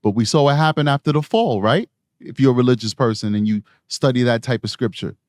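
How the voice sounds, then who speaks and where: A man's voice: medium pitch, fairly quick, dry recording, clean studio sound. A man from New York City giving rambling true crime commentary on a live stream, tired from lack of sleep. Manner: rambling, conversational, frequent restarts.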